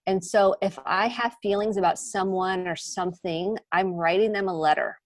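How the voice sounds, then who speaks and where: A woman psychotherapist speaking as a podcast guest, animated and emphatic, repeating her points, over a video call. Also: mid-range voice, moderate pace, dry recording. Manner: animated, acts out inner voices, emphatic repetition. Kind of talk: conversational podcast interview.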